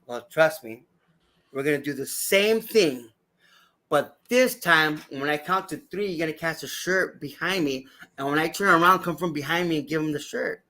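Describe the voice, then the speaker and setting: A man, a wrestling referee guest on a podcast, telling stories in a lively, profane way and acting out other people's voices. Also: on the high side, normal speed. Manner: animated, acts out voices, swears freely. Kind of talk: casual podcast storytelling.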